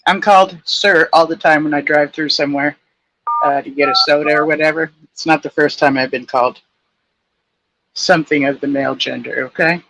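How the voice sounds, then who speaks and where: A woman with a low voice, chatting casually as a caller on a livestream, rambling and laughing easily. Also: steady tone, brisk, fairly bright tone, slight background noise, rough recording. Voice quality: low, husky-leaning voice. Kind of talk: casual call-in chat.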